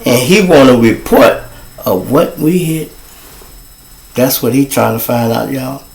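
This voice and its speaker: A man with a Chicago accent tells a long story to his livestream viewers, profane and animated, and he acts out the other people's voices. His voice is gravelly. The room around him has a noticeable echo. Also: medium pitch, a little slow. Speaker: livestream show host.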